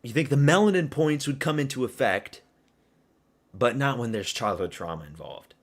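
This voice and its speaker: A man hosting a fight watch-party stream, giving excitable, profane live reactions and yelling at the screen. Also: medium pitch, normal speed.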